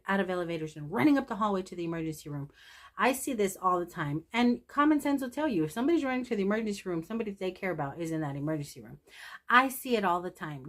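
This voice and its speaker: A woman vlogger talking casually to camera, candid, emotional and self-deprecating, addressing her viewers directly. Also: fairly low pitch. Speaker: thrift haul vlogger. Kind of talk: casual confessional chat to camera.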